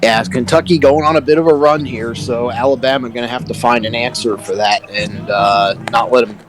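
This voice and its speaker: A man giving relaxed color commentary on a basketball game, with frequent filler words. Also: medium pitch, fairly quick, over music, low-quality recording.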